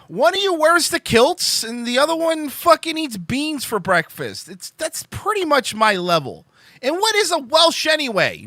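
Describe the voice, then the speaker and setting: A young man chats loosely with his live-stream viewers, rambling, swearing and laughing as he goes. His voice sits high and swings widely in pitch, with a bright edge. The sound is dry and close. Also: dry recording. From Cuban heritage. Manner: rambling, profane, joking, laughs often. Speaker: livestream host.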